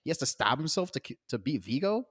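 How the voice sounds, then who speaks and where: A young man co-hosting a podcast, chatting casually about a film and acting out characters' lines with jumps in pitch. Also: big pitch swings, fast, fairly bright tone, slightly rough, no room sound, clean studio sound. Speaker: podcast co-host.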